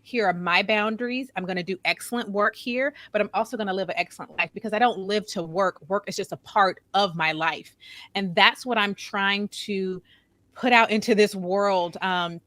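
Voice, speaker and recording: A woman's voice: mid-range voice, moderate pace, a bit bright, dry recording. A woman guesting on a podcast, talking earnestly in a casual conversation and repeating phrases for emphasis.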